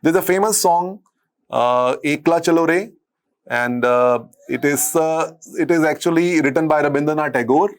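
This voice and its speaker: A male medical lecturer with an Indian accent and a husky, deep voice, dictating notes and repeating phrases as he teaches. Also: moderate pace. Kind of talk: classroom lecture.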